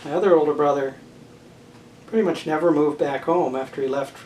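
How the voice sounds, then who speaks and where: An older man being interviewed about his family's views on marriage and children, speaking thoughtfully with frequent pauses, fillers and restarts. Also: a little high, a little mellow. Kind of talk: oral history interview. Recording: roomy, distant mic with faint noise.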